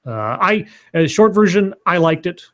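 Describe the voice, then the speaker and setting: Man reading questions, halting and chatty. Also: sits high, big pitch swings. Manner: hesitant, many fillers and restarts. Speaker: co-host reading viewer questions. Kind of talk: casual livestream chat.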